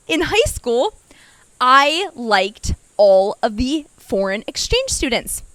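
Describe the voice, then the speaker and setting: A woman's voice: mid-range voice, a bit bright, no room sound. A young woman, hosting her own podcast and telling personal stories in a chatty, playful way that speaks straight to her listeners. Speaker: podcast host. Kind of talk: casual personal storytelling.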